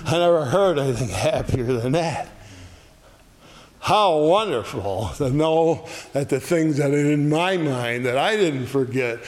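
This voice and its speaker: Slow, dramatic man teaching a Bible class. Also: fairly high pitch, expressive, slight background noise. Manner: dramatic, swells to loud repeated exclamations.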